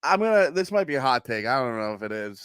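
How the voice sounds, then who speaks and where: A man's voice: medium pitch, very animated, fast talker, a bit bright, clean tone, no echo. A man with a Philadelphia accent co-hosting a sports podcast, blunt, sarcastic and profane in casual chat over a remote call. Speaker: podcast co-host.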